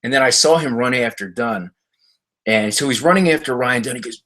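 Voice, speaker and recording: A middle-aged man talking casually to viewers on a livestream from his home library, telling stories in a rambling, halting way with lots of fillers. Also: pushed and bright. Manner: jumps high when mimicking others in stories. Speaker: livestream host answering viewer comments. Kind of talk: casual livestream chat and storytelling.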